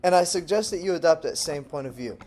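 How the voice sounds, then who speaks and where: A man from Texas talking to camera in a casual vlog monologue, animated and digressive, jumping between loud bursts and low murmurs and laughing often. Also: fast. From Texas, United States. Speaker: language-learning vlogger.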